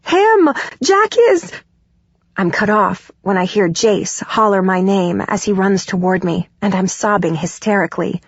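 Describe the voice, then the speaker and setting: A woman narrating a first-person audiobook in a steady, even way. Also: mid-range voice, normal speed, hardly any pauses, no echo. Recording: dull, dry studio recording.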